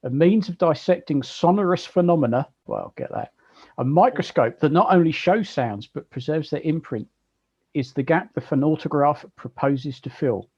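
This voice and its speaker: A man's voice: a little high, expressive, moderate pace, darkish tone, slightly rough, highs cut off. A man co-hosting a casual chat, reading a text aloud and joking between lines.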